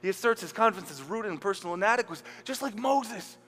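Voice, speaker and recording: A male pastor preaching a sermon in a casual, animated way, with slang and acted-out quotes. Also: high-pitched, quick pace. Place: church hall. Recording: long hall reverb, faint music.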